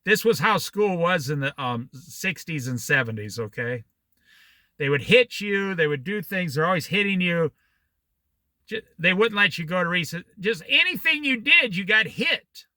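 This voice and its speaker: A man in his sixties leading a Bible study, reading scripture and wandering into opinionated, animated asides and stories. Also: high-pitched, normal speed, no echo. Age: 60s. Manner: opinionated, digressive, animated storytelling. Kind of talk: Bible study teaching with commentary.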